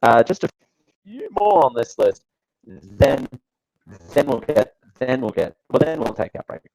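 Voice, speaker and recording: A man's voice: medium pitch, very animated, a little slow, darkish tone, rough recording. A man hosting a live talk show, giving casual, sarcastic commentary that rambles with fillers and restarts. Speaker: show host.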